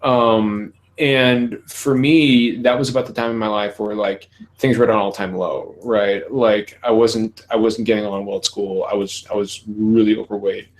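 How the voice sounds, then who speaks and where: A man's voice: fairly low pitch, steady tone, normal speed, low-quality recording. A man in his thirties hosting a podcast, talking candidly with frequent swearing and laughter. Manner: candid, profane, laughs often. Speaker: podcast host. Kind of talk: casual podcast conversation.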